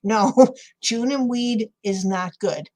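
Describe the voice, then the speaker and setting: A woman's voice: medium pitch, slow pace, a little mellow, low-quality recording. A middle-aged woman with a New York accent chats loosely while she crafts on a livestream. She rambles from one thing to the next, laughs a lot and answers her viewers by name. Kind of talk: casual chat while crafting and reading live chat.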